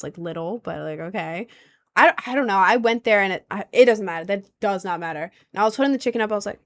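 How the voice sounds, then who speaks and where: A young woman with a low voice, chatting casually on a livestream and reading out comments, playful and giggly. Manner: playful and giggly, with sudden squeaky bursts.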